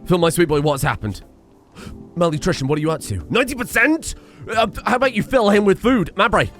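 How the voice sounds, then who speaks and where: A man giving casual gameplay commentary, excitable and often laughing, talking to the characters on screen. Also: sits high, brisk, soft background music. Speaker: gaming video creator.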